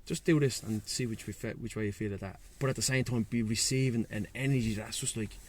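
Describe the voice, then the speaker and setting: A man's voice: fairly low pitch, fairly even intonation, fast talker. A man with a Dublin Irish accent talks as a guest in a casual chat, frank, slangy and swearing freely, outdoors by the sea. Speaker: guest, breathwork and sea-swim facilitator.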